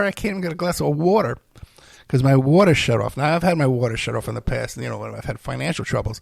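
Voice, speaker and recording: A man's voice: mid-range voice, lively intonation, a little fast, gravelly, no room sound. A middle-aged man hosting a podcast, rambling in a casual, self-deprecating way while sounding tired and unwell. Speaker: podcast host. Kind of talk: casual solo monologue.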